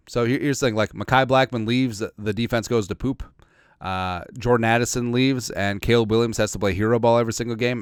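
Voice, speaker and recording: A man's voice: medium pitch, fairly even intonation, a little fast, clear, resonant tone, dry recording, studio quality. A man hosting a sports podcast, talking casually and sarcastically, rambling and trailing off into mutters. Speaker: podcast host.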